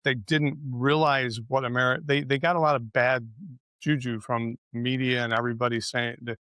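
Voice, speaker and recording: A man's voice: mid-range voice, flat delivery, moderate pace, fairly bright tone, clear, resonant tone, dry recording. A man co-hosting a podcast in casual conversation, chatty and often ending with "right?". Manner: conversational, frequent "right?" tags. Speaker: podcast co-host.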